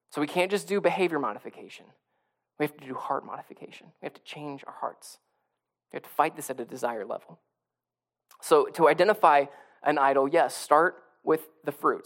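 A man's voice: a little high, a bit bright. Male pastor, conversational sermon, repeats himself, builds to emphasis. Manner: conversational preaching, repeats and restarts, rising to emphatic.

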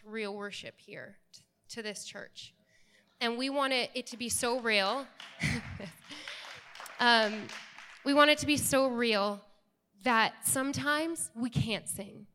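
A woman's voice: on the high side, pushed and bright, clean tone. A woman worship leader speaking earnestly from the church stage in a casual way, often saying "like". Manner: earnest, fills speech with "like". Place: church sanctuary.

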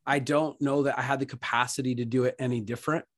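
A man's voice: medium pitch, level tone, fast talker, no room sound, clean studio sound. Earnest man sharing a personal story. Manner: earnest, emotional, drops soft when speaking of faith. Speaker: podcast guest.

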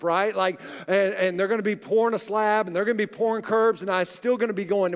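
A male pastor in his forties delivers a sermon as relaxed storytelling and acts out the people he quotes. His voice sits fairly high for a man. The live recording carries the long reverb of a large church auditorium. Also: fast talker, few pauses. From Oklahoma.

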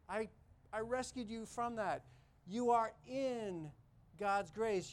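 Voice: medium pitch, expressive, slow. A pastor preaching a sermon during a church service, talking emphatically, repeating key phrases and asking the congregation questions. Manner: emphatic, repetitive, asks the congregation many questions.

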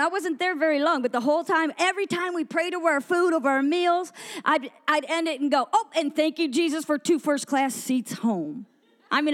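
A woman preacher telling an animated story in a sermon to a women's gathering, acting out the people she quotes. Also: sits high, big-room sound. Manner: animated, acts out quoted voices.

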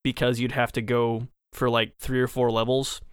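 A man co-hosting a gaming podcast, speaking haltingly and repeating words as he thinks. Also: mid-range voice, flat delivery, smooth, no room sound, studio quality. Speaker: podcast co-host. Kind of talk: casual chat.

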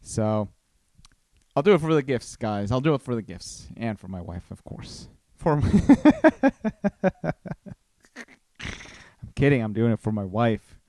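A man's voice: lowish voice, moderate pace, a little mellow, dry recording. A man from Costa Rica hosting a casual solo podcast, telling rambling stories with many restarts. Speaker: podcast host.

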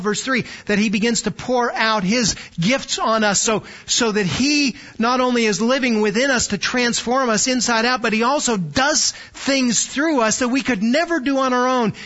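A man delivers a sermon in a high-pitched voice, unhurried and deliberate. He is earnest and emphatic and doubles back on words to drive a point home. The recording sounds muffled and lo-fi. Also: fairly bright tone. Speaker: preacher.

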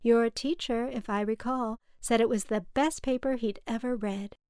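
A woman voicing her dramatic older mother, a smoker who drawls "darling" in a grand, raspy voice. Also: on the high side, steady tone, normal speed, a little mellow, no echo, clean studio sound, natural voice. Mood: breezy.

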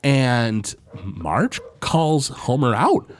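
A man's voice: medium pitch, sing-song, extremely slow, dry recording. A man co-hosting a podcast, casually recapping a cartoon episode and slipping into playful voices as he retells scenes. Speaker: podcast co-host.

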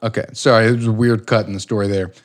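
A man's voice: on the low side, level tone, fast. A tired man co-hosting a casual podcast, joking around and reading a news story aloud with stumbles and asides. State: tired, yawning. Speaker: podcast co-host.

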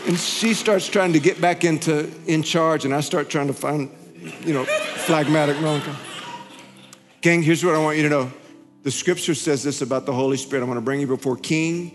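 Man preaching in a reverberant church. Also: a little fast. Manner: animated storytelling, voice climbing high when excited. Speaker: pastor. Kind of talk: sermon. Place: large church hall. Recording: hall reverb with faint music.

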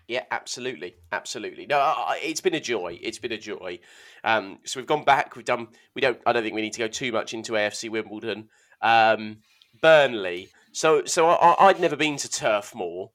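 A young man co-hosting a casual podcast chat, telling animated, self-mocking stories and stumbling over his words. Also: medium pitch, moderate pace. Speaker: podcast co-host.

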